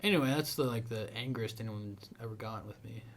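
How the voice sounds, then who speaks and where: A young man co-hosting a podcast, swearing a lot and telling stories with loud acted-out lines. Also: fairly low pitch, fairly quick, slight background noise. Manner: crude, swearing, animated storytelling; acts out angry people with a raised voice. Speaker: podcast co-host. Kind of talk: casual chat.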